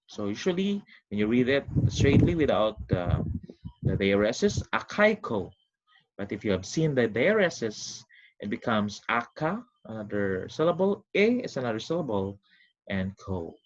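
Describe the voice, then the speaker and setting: A man teaching a recorded online lesson in a husky, slightly breathy voice. His pitch swoops high and low as he stresses points, and he slows down to draw out examples. The recording sounds dull and lo-fi. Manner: lively, swooping pitch with slow drawn-out examples.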